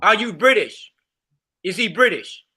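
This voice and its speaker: A man's voice: sits high, animated, a little slow, crowd noise. A man on a live panel, jumping in with pointed, repeated questions. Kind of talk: heated panel discussion.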